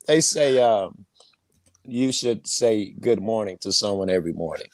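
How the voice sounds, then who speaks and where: A man's voice: fairly low pitch, animated, measured pace, dry recording. A man chatting casually as a podcast guest, joking, sarcastic and swearing freely. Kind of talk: casual chat.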